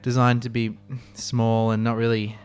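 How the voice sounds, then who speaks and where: A man's voice: mid-range voice, completely flat delivery, normal speed, a little mellow. A man co-hosting a student radio show, chatting casually in a rambling way full of fillers. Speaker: radio co-host.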